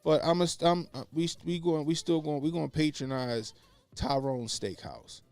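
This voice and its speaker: A man with a slightly raised pitch and a gravelly edge, talking bluntly in casual commentary. He swears freely and drives his points home by saying them twice. Faint music runs underneath. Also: normal speed, a little mellow. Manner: blunt, profane, repeats points for emphasis. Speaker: podcast co-host.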